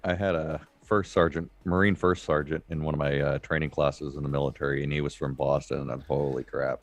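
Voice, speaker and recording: A man's voice: a bass voice, flat delivery, fairly quick, no room sound. A man co-hosting a casual gaming stream, easygoing and chatty with short replies. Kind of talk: casual live-stream chat.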